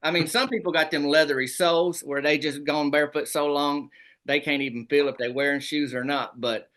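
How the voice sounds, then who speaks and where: A man, a comedy guest telling boastful tall tales in a deadpan rural persona. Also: on the high side, brisk. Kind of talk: comic storytelling in a rural persona.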